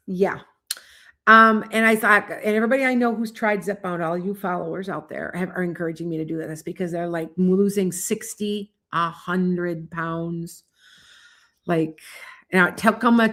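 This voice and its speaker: A woman's voice: medium pitch, a bit bright. Chatty woman nearing sixty. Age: 50s. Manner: chatty, rambling, self-interrupting. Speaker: tarot livestream host. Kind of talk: casual livestream chat. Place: home livestream.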